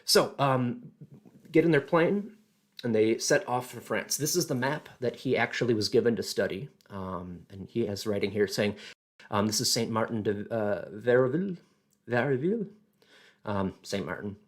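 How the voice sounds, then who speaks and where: A man presenting a casual history talk, halting and thinking aloud with many fillers. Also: lowish voice.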